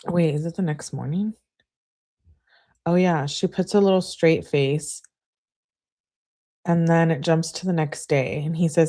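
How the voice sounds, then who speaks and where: A woman hosting a casual live reading, reading text messages aloud and pausing to comment and correct herself. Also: sits low, steady tone, warm tone. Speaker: channel host reading texts aloud.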